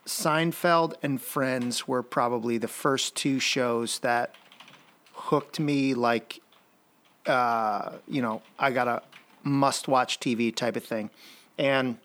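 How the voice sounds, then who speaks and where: A man's voice: mid-range voice, a bit bright, smooth. Easygoing middle-aged man chatting. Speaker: podcast co-host. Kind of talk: casual chat.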